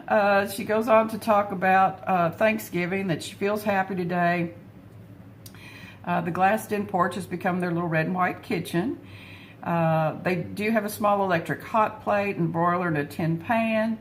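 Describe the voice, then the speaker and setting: A middle-aged woman talking at her desk at home in a casual personal vlog, unhurried and heartfelt, pausing often on fillers. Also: fairly low pitch, a little hiss or hum. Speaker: vlogger.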